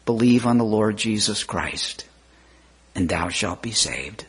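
Slow, husky-voiced man preaching. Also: on the low side. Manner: slow, measured delivery with rising emphatic questions. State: repeatedly clearing throat. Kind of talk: sermon.

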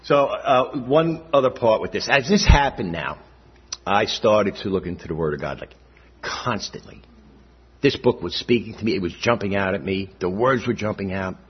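Older man with a very husky voice. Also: lowish voice, lively intonation, normal speed. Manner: conversational, often checks in with "all right?" and "okay?". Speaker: church member giving testimony. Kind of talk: personal testimony. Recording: dull lo-fi recording.

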